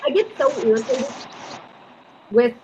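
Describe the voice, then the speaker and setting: A woman's voice: fairly high pitch, big pitch swings, a little slow, dull audio, noisy background. A woman hosting a casual livestream, reading news aloud and reacting bluntly with swearing. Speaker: host.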